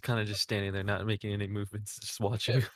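A man's voice: on the low side, little pitch movement, fast. A man in casual chat, making dry, musing remarks.

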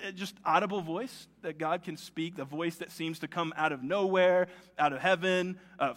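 A pastor preaches to his congregation with a light, high-set man's voice. He is animated and slips into other voices to act out the people he quotes. His words ring out with the long reverb of a church hall. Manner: animated, acts out quotes with shifting voice. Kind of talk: sermon.

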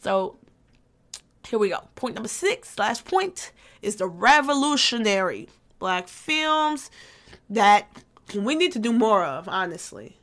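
A woman's voice: medium pitch, very animated, slow, fairly bright tone. A woman in her twenties talking casually as a vlogger, loose and profane, often restarting her sentences. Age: 20s. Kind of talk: casual chat.

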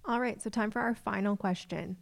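A woman hosting a podcast, asking questions and reading the sign-off in a friendly, clear way. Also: mid-range voice, fairly quick. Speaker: podcast host. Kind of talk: scripted podcast host reads.

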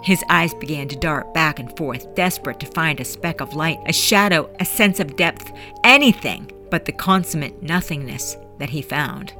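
A woman narrating a dark audiobook chapter dramatically and expressively. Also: low voice, lively intonation, normal speed. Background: faint background music.

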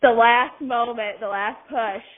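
A woman's voice: fairly high pitch, steady tone, a little slow. A young woman co-hosting a podcast, telling stories in a playful, teasing, laughing way. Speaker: podcast co-host. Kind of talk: casual storytelling chat. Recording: tinny phone-like sound.

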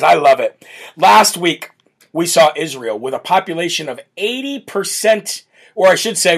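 A man hosting a live political talk show, brash and loud, often breaking into laughter. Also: high-pitched, vocal fry. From United States. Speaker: show host.

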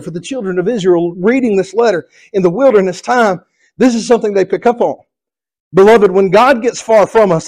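A man's voice: high-pitched, a little mellow. A male pastor with a Southern US accent, preaching an expository sermon in an earnest, repetitive cadence.

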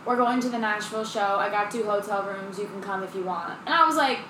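A woman co-hosting a podcast in casual chat, animated, acting out quotes and swearing casually. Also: medium pitch, quick pace. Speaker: podcast co-host. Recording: echoey room, faint noise.

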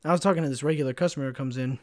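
A man in his twenties hosting a casual solo podcast, tired after a work shift, venting about his job in profane, animated storytelling. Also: medium pitch, rapid-fire, no room sound, clean studio sound. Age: 20s. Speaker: podcast host.

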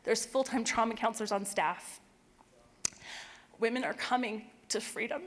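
A middle-aged woman with a somewhat high voice tells a personal faith story to a church audience. She gets emotional and laughs easily. Her voice rings out with long reverb in a large hall. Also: normal speed, a bit bright. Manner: emotional, tearful at moments, laughs often. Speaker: church speaker sharing testimony. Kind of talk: personal testimony talk.

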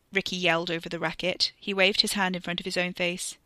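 A woman reading a serialized story aloud with expressive, tense narration. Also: lowish voice, fast, no echo. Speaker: reader.

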